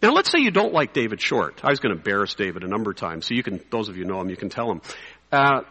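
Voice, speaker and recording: A man preaching a sermon to clergy, conversational and animated, sometimes dropping to a quiet, intense hush. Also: on the low side, fast talker, husky, long reverb tail, poor audio.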